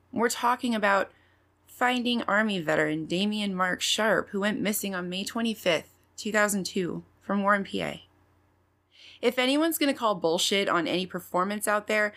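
A woman's voice: mid-range voice, a bit bright. A woman hosting a true-crime podcast, narrating and interviewing in a candid, chatty way. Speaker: podcast host.

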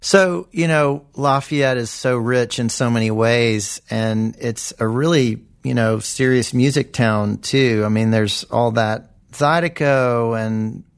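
A man's voice: medium pitch, takes it slowly, few pauses, smooth. A man hosting an interview podcast in an easygoing way, laughing often with his guest. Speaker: podcast host, magazine editor. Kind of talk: casual interview chat.

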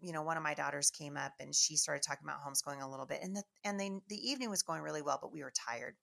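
A middle-aged woman from Washington State, a Christian speaker telling a lively personal testimony to an audience with chatty restarts. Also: low voice, racing, gravelly. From Washington State, USA. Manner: chatty, animated storyteller with frequent restarts. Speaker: Christian speaker and homeschool teacher.

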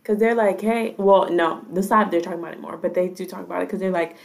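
A woman's voice: on the low side, fairly even intonation, fast talker, creaky, few pauses. A woman chatting casually, blunt and profane, often hedging her opinions. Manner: blunt, profane, hedges with "I don't know". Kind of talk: casual chat.

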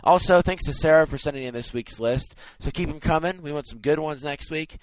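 A man's voice: on the high side, a little fast, no room sound, low-quality recording. A young man co-hosting a podcast, reading a comic top ten list and laughing through his lines. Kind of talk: jokey podcast banter. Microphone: internet call.

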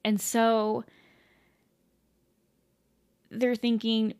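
A woman's voice: mid-range voice, unhurried. Rambling woman telling a ghost story. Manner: rambling, many fillers and self-corrections, casual swearing. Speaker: podcast host. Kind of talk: casual storytelling.

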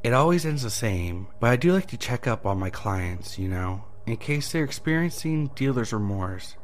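A man's voice: mid-range voice, sing-song, normal speed, slight background noise, close to an everyday voice. A man voicing a smug, mocking male deal maker who taunts with gleeful amusement in a horror story reading.

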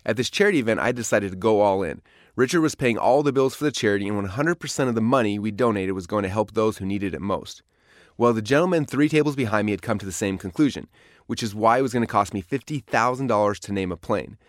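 Man, author narrating his book, studio, dead dry sound, quick pace. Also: on the low side, expressive, no echo. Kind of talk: audiobook narration. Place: recording studio.

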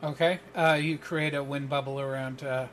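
A man narrating as game master for a tabletop role-playing game, relaxed and full of fillers. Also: medium pitch, normal speed, a little hiss or hum.

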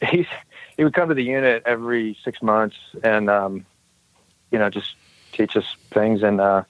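A man guest telling relaxed, self-deprecating stories in a casual podcast chat. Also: fairly low pitch, normal speed, no room sound, phone-quality sound. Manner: relaxed storytelling, self-deprecating, laughs often. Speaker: guest, former special operations soldier.

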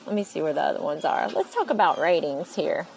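Woman podcast host, rambling inspirational monologue, lively and preachy, faint noise behind. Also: sits low, fairly quick, creaky, poor audio.

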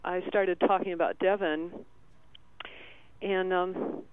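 A man calling in to a radio show, telling a personal story in a halting, tearful way with many restarts. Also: sits high, little pitch movement, clean tone, no room sound. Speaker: caller. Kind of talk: emotional call-in storytelling. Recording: tinny phone line.

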